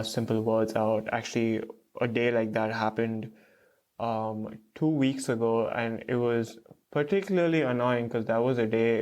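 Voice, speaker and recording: A young man who stutters, talking in short phrases with fillers and pauses as an interview guest. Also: medium pitch. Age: young adult. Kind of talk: casual interview talk.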